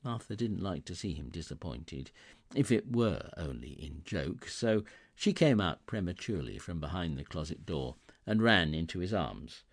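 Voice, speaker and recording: Creaky, expressive male storyteller. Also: deep voice, no room sound, clean studio sound. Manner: expressive, theatrical. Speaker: narrator. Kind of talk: dramatic reading of a classic novel.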